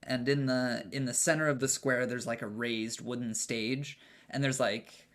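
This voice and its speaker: A man's voice: mid-range voice, steady tone, normal speed, a bit bright. A man narrating as game master of a tabletop game, casual and profane, with many fillers and restarts.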